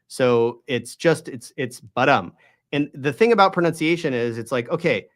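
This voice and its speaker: A man's voice: medium pitch, moderate pace. A man hosting a Bible study channel, explaining at length in an emphatic, argumentative way and often checking in with the listener. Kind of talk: explanatory monologue on Greek pronunciation.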